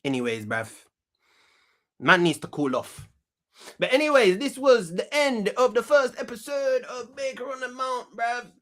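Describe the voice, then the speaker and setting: A man hosting a comedy talk show, rambling cockily and repeating himself. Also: sits high. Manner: cocky, rambling, slang-heavy, repeats himself. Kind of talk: comic talk show monologue.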